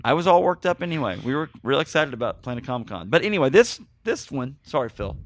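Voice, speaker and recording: A man hosting a podcast, rambling in excitable, apologetic stories. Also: medium pitch, fast talker. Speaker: podcast host. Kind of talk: casual podcast chat.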